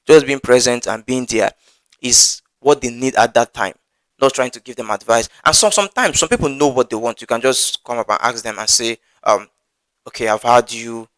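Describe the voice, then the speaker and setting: Male preacher, earnest teaching delivery, heavy stammer and repeats, mid pitch, dry close sound. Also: a little fast, fairly bright tone, dry recording, rough recording. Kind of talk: Bible teaching.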